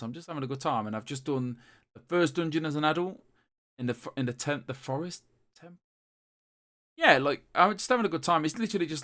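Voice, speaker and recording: Bright-voiced rambling young man. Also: medium pitch. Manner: rambling, full of fillers and restarts. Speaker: podcast co-host. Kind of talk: casual chat.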